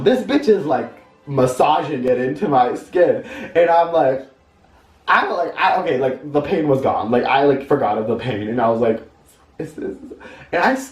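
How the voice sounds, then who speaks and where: A young man telling a dramatic, campy story from his childhood in a storytime vlog. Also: a little mellow. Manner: campy, dramatic, swings into high-pitched voices. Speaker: vlogger. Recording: echoey room, far from the mic, music underneath.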